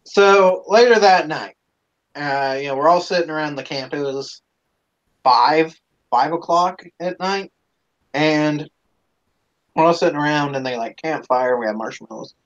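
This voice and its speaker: A man's voice: a little high, measured pace, pauses often. A man hosting a live stream, casually telling a rambling, profane story with plenty of swearing, on a dull lo-fi recording.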